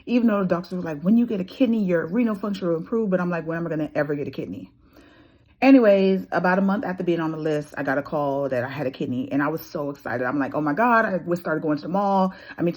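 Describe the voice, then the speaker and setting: A woman's voice: lowish voice, fast. A woman in her thirties telling her own story casually, acting out the voices of people she quotes. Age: 30s. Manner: animated, acts out quoted dialogue.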